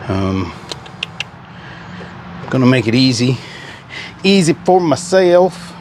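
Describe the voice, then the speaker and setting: A man's voice: mid-range voice, sing-song, slow, a little mellow. A man chatting casually to viewers while he works on an old car in his garage. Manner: folksy, chatty, talks to viewers while working. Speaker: car restoration vlogger. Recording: noisy garage with engine and tool sounds.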